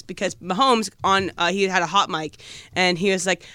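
Bright, smooth-voiced male radio host. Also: high voice, steady tone. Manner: brisk, storytelling, hands turns to co-hosts. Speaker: sports radio host leading segments. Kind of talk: casual sports talk.

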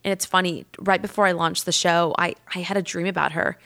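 A woman podcast host telling a rambling personal story in casual chat, with lots of "like" and lively acted-out quotes. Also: lowish voice, a little fast. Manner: chatty and rambling, heavy use of "like"; lively, acts out quoted people.

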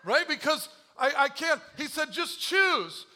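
A man preaching a sermon as pastor, joking at himself and moving from quiet confession to loud urging. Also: very high-pitched. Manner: animated, self-deprecating humor, swings from quiet confession to shouting; quotes scripture slowly.

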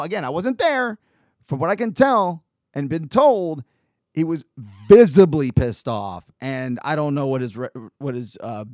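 Male host, casual sarcastic storytelling, lively swoops, slightly high, dry close sound. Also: dry recording. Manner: sarcastic, animated, quick asides. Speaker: podcast host.

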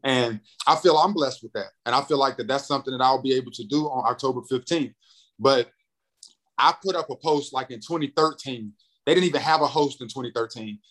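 In a podcast chat, a young North Carolinian radio and TV personality excitedly relates a story in a brisk, medium-pitched voice. He is animated, performing the voices of the people he quotes, and tends to repeat his words.

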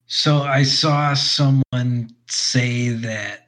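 A man co-hosting a casual podcast chat over drinks, joking and teasing with quick questions. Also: mid-range voice, fairly even intonation, fairly bright tone, low-quality recording. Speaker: podcast co-host.

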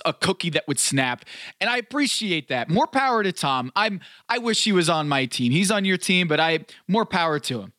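A man's voice: on the high side, pushed and bright, no room sound, studio quality. A man co-hosting a podcast, chatting casually and rambling into sports comparisons. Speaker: podcast co-host. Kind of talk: casual recap chat.

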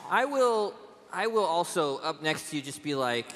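A man's voice: a little high, moderate pace, long reverb tail, slight background noise. A man playing in a tabletop game, joking and switching playfully in and out of character. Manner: playful, very expressive swings in voice. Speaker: player. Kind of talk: casual chat at a game table.

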